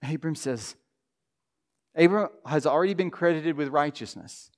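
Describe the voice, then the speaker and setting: Man preaching, slightly high voice, earnest sermon delivery, hushed prayer lines. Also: normal speed. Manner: earnest preaching, drops to a soft hush on quoted prayers. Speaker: pastor.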